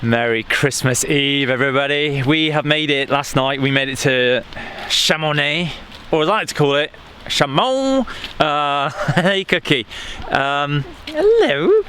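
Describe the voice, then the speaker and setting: British male vlogger, jokey and rambling, slightly high voice, noisy outdoor camera audio. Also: steady tone, measured pace, pushed and bright. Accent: British English. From United Kingdom. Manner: chatty, jokey, rambling with restarts. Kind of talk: casual travel vlog chat. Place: outdoors and in a van in a snowy mountain town.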